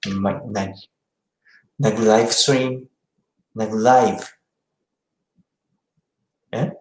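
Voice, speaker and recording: A Japanese man speaking English with a Japanese accent, chatting on a live stream, reading viewer comments and slowly repeating words to teach how to say them. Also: fairly low pitch, fairly even intonation, roomy sound, background noise.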